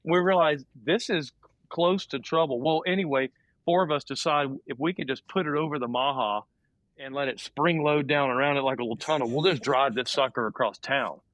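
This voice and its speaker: A man's voice: a little high, brisk, a bit bright, no room sound. A man telling a story in casual podcast chat, chuckling as he goes. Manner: laughs through his own story.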